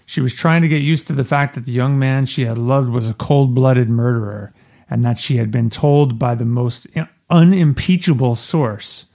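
A man's voice: medium pitch, moderate pace, vocal fry, warm tone. A man co-hosting a casual chat, reading book passages aloud and chuckling often. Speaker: podcast co-host. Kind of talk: casual chat about a novel.

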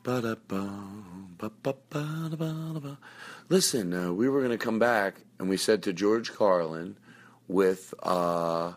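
A man's voice: low voice, a little slow. A man hosting a podcast from a hotel room, chatting casually and joking around. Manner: rambling, joking, animated. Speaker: podcast host. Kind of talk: casual chat.

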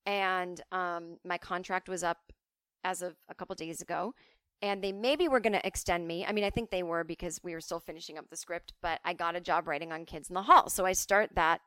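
A woman's voice: fairly low pitch, a little fast, fairly bright tone, clear, resonant tone, no room sound, studio quality. Chatty, profane woman telling comic stories. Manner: chatty, profane, self-mocking. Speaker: podcast host. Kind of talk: casual comic storytelling.

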